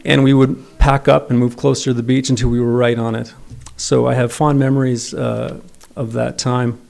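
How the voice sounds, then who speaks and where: Gravelly man telling wry stories. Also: mid-range voice, little pitch movement, normal speed, darkish tone. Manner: wry, self-deprecating storytelling. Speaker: son giving a eulogy. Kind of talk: memorial eulogy with humorous anecdotes. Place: memorial service.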